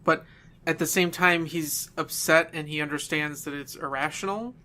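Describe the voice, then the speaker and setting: A man's voice: on the high side, fairly even intonation, moderate pace, sharp tone. A man on a podcast explaining a point earnestly and at length. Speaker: podcast co-host. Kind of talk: casual chat.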